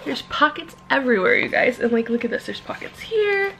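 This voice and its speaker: A woman's voice: on the high side, fast talker, gravelly, background noise. A young woman vlogging an unboxing in a casual, gushing way, full of "like" and "you guys", and close to tears at times. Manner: gushing, excitable, fills talk with "like" and "you guys"; emotional, near tears at times.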